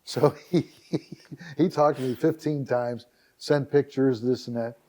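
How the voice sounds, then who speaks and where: Middle-aged man from Northeast Ohio, podcast guest, warm mellow voice, lively and chatty storyteller who acts out dialogue. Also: medium pitch, a little slow. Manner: animated anecdote teller who acts out dialogue and keeps repeating "all of a sudden". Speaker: podcast guest, website founder. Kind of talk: casual storytelling interview.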